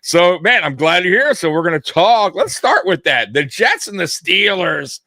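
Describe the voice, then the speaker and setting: Excitable sports podcast host, bright voice. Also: male voice, high voice, normal speed, no echo, studio quality. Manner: excitable, laughs a lot. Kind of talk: casual sports talk.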